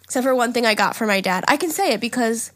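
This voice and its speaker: A woman's voice: fairly high pitch, expressive, fast, fairly bright tone, dry recording. A young woman co-hosting a podcast, chatting casually and giggling, with lots of "like" fillers. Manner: chatty, giggly, says like a lot. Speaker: podcast co-host. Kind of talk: casual chat. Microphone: podcast mic.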